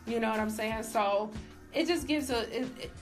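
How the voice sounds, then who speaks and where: A woman's voice: on the high side, normal speed, soft background music. A young woman giving a casual personal faith testimony, emphatic and filled with "like", as a show host. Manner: casual, emphatic, says "like" often. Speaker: faith vlogger.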